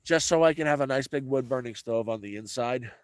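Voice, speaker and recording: The man's medium-pitched voice moves a little fast, with no echo on the recording. As a vlogger at a chilly off-grid rural homestead, he talks to viewers in a casual, meandering way, repeatedly restarting and going over the same points.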